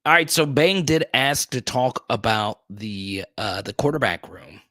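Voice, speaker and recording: A man's voice: medium pitch, unhurried, bright, forceful tone, no echo, studio quality. A man hosting a live stream in casual chat, playful and teasing, with a joking repeated "huh?".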